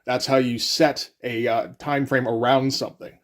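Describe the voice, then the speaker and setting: A man talks through a comic book page by page in a loose, wry manner. He rambles and fills his pauses with "like" and "uh" without ever sounding rushed. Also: medium pitch, flat delivery. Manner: wry, rambling, frequent fillers. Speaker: comic reviewer. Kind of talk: casual comic commentary.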